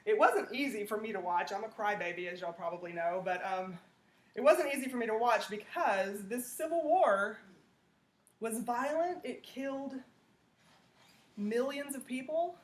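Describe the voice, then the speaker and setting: A woman's voice: on the high side, animated, unhurried, long pauses. A woman lecturing a classroom, talking conversationally and checking in with "okay?". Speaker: teacher.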